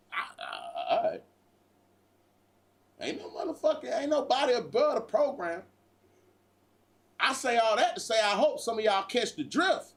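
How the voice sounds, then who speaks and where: A man's voice: very high voice, vocal fry, a bit bright. A man hosting a livestream, giving a profane, preachy street-talk monologue and repeatedly calling listeners "bruh". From United States. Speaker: livestream host.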